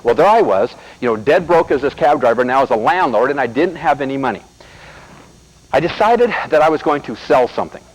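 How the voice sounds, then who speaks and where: Fast-talking American man teaching a seminar. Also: medium pitch, rough recording. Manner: animated storyteller addressing the audience directly. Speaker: seminar speaker. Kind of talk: motivational seminar talk.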